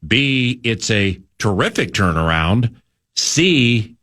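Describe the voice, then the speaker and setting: A man's voice: lowish voice, big pitch swings, slow, fairly bright tone. A man hosting sports radio in a playful, joking way. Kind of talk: casual sports talk. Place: radio studio. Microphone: studio mic.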